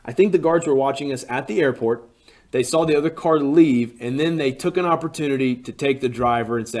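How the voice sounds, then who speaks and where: A man casually telling a personal story, animated and full of "like" fillers. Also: mid-range voice, fairly quick.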